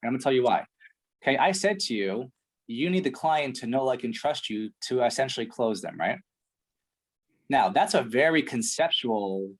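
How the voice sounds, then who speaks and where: A man's voice: mid-range voice, slightly rough. A man coaching a salesperson one-on-one on a call, blunt, intense and full of swearing.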